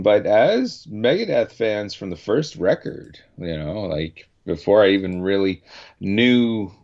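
A Canadian man hosts a casual radio show, rambling and restarting his sentences as he goes. He talks very slowly in a lowish voice, and the sound is dull and lo-fi. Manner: rambling, halting, many restarts.

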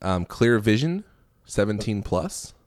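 A man's voice: on the low side, very animated, takes it slowly, dry recording, clean studio sound. A man co-hosting a casual podcast, playful and laughing as he reads listener reviews aloud. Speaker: podcast co-host. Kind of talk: casual chat.

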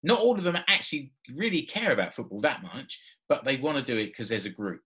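A man's voice: medium pitch, sing-song, a little fast, sharp tone, slightly rough. A man in his forties, a podcast co-host telling a personal story in casual chat, laughing often and restarting his sentences. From Britain. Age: 40s.

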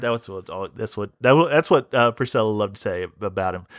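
A man hosts a comedy podcast, ranting and telling stories in a loose, rambling flow full of swearing and restarts. His voice sits at a middling pitch, recorded close and dry with no room sound. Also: animated, a little fast, hardly any pauses, dry recording. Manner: rambling, profane, restarts a lot. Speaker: podcast host. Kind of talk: casual comedic rant.

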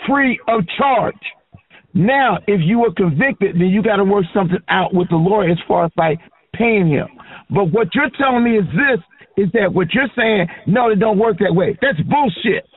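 A man's voice: sits high, expressive, moderate pace, breathy edge, no echo. A man arguing bluntly in a casual, lecturing way. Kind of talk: casual argument. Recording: phone-like dry audio.

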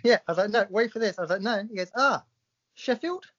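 A man's voice: high-pitched, very fast, a bit bright. A man from England with a southern English accent, co-hosting a podcast in casual chat and playfully acting out the voices in his stories. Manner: playful storyteller, acts out voices in anecdotes. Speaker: podcast co-host. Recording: slightly dull lo-fi sound.

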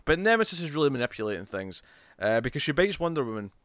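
A man's voice: medium pitch, big pitch swings, fast talker, fairly bright tone, dry recording. A man co-hosting a casual comic book review podcast, talking with enthusiasm and acting out characters' lines as he retells scenes. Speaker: podcast co-host.

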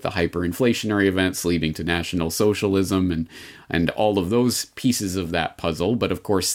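A man hosting a show, talking through history in an unscripted, discursive way, wry and stressing key words. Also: deep voice. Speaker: podcast host.

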